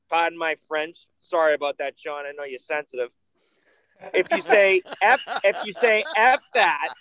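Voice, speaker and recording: A man's voice: high voice, expressive, moderate pace, a bit bright, smooth, no room sound, rough recording. A man, co-hosting a casual sports talk show in a joking, teasing way. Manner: joking, teasing, mock call-in. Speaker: podcast co-host.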